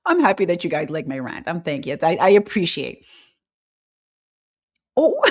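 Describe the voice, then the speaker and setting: Female show host with a lowish voice, blunt and animated, casual rant to a live chat. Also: measured pace, long pauses. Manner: animated, blunt, talks to viewers as "y'all". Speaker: host of an online talk show. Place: lives in Quebec, Canada.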